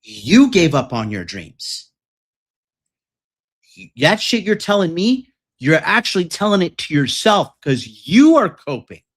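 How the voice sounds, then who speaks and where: A man's voice: high voice, very animated, slow, fairly bright tone. Profane, combative man ranting. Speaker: dating and success coach. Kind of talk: ranting monologue.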